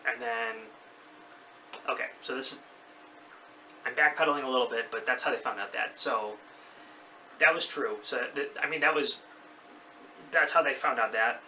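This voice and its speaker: A man in his thirties tells a personal story to camera from his bedroom, wandering off track and backing up to fix details. His voice is very bright and sharp. He sits a little back from the mic, with a faint hiss of noise underneath. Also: mid-range voice, animated, moderate pace, vocal fry, pauses often. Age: 30s. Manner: rambling, loses track and corrects himself. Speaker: vlogger. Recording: slightly distant mic, faint background noise.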